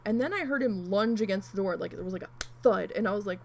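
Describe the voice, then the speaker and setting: Chatty woman with a gravelly voice. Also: mid-range voice, fast talker, few pauses, slight background noise, low-quality recording. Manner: rambling, chatty, animated retelling with frequent asides and mild swearing. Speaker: crafting vlogger. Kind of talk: casual storytelling while needle felting.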